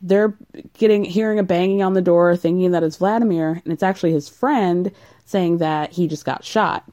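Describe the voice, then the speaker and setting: A woman talks through a reality show recap in a relaxed, chatty way, and her low voice has a mellow, warm tone. She fills her talk with "like" and adds dry, sarcastic jokes along the way. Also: moderate pace, highs cut off. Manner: chatty, sarcastic asides, frequent "like". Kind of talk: casual recap chat.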